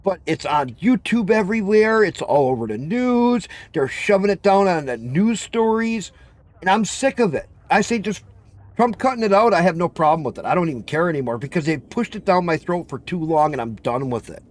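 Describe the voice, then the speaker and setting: High-voiced man ranting. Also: animated, moderate pace. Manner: ranting, repetitive, blunt and profane. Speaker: livestream host. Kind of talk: heated open chat.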